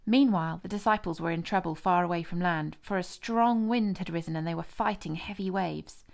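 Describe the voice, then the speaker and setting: A woman's voice: fairly low pitch, a little fast, gravelly. Woman reading scripture aloud. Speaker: scripture reader. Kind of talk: scripted narration.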